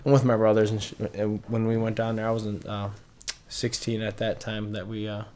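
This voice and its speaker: A man telling a casual story among friends, loose and halting with restarts. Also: lowish voice, level tone, a little mellow. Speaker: friend in conversation.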